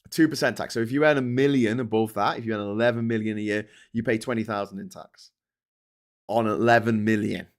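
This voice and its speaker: A man's voice: fairly low pitch, fairly even intonation, brisk. A man hosting casual political commentary in a sarcastic, profane ranting manner. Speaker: host.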